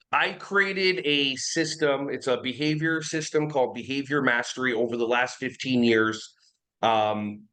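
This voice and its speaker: A man's voice: mid-range voice, poor audio. A man in his forties from New Jersey, a guest on a podcast talking casually and energetically, sometimes slipping into silly voices. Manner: energetic, animated storyteller who breaks into silly voices. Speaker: guest, early childhood behavior trainer.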